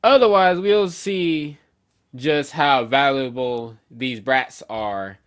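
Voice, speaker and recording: A man's voice: fairly high pitch, lively intonation, slow pace, fairly bright tone. A man reading the lines of an arrogant, threatening male knight villain in a plain voice. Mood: menacing.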